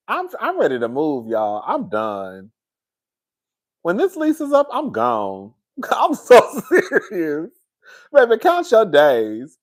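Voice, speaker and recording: A man, hosting a casual livestream and venting in a sassy, exasperated way to his viewers. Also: sits high. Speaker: livestream host.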